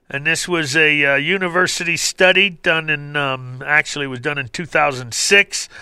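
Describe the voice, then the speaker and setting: A middle-aged man hosting a health call-in radio show, talking in an animated, jokey way. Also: fairly high pitch, smooth, dry recording. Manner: animated, jokey, acts out voices. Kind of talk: health talk radio monologue.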